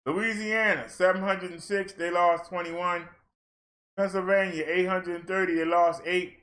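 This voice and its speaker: A man's voice: high voice, fairly even intonation, measured pace, fairly bright tone. A man from Maryland on a casual livestream, reading a long list of numbers and breaking in with playful asides and exclamations. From Maryland, USA. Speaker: fitness streamer. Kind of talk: casual livestream rundown of daily figures.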